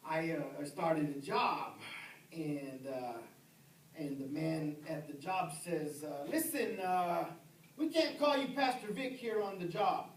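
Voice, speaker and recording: A man preaching a sermon as pastor, rising to shouts and dropping to hushed words, repeating himself as he builds. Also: a little high, expressive, slow, slight background noise. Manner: swings from shouted emphasis to near-whisper, repeats words. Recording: echoey room heard from a distance.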